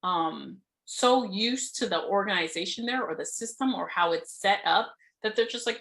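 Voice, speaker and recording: A bright-voiced woman hosting a casual podcast interview. She talks in an animated, expressive way, often laughing mid-sentence and swearing freely. Her tone is lively and conversational. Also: medium pitch, normal speed, gravelly, few pauses. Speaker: podcast host.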